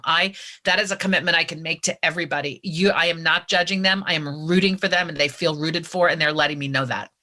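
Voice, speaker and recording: Woman guest author, bright tense voice, frank and earnest, reflective. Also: lowish voice. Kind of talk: casual interview chat.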